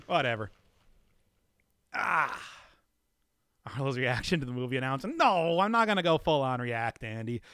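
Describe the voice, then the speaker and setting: A man's voice: medium pitch, very animated, unhurried, pauses often, sharp tone, smooth, dry recording, faint music behind. A man streaming a game and chatting casually, repeating himself and laughing often. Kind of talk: casual live-stream chat while playing.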